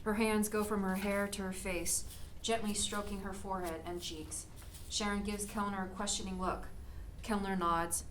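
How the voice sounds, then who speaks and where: A woman's voice: medium pitch, level tone, moderate pace, fairly bright tone, a little hiss or hum, close to an everyday voice, rough recording. A woman narrating and describing her subject's sounds and gestures.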